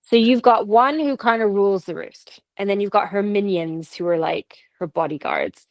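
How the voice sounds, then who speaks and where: A woman's voice: medium pitch, normal speed, no room sound, low-quality recording. A Canadian woman co-hosting a podcast, telling ghost stories in a casual, chatty way with laughs and asides. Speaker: podcast co-host. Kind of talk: casual chat, storytelling.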